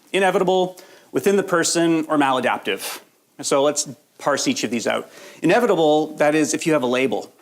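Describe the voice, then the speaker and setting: A man giving a live training lecture to a workshop audience, getting over a cold, talking in a conversational, jokey way and often checking in with "right?". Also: mid-range voice. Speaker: workshop presenter.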